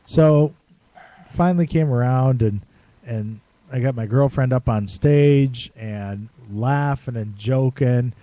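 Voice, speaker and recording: Man, mellow voice, casual rambling storyteller, dry close mic. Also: mid-range voice, slow pace, dry recording. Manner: rambling, swears and laughs, acts out quotes. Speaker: podcast co-host.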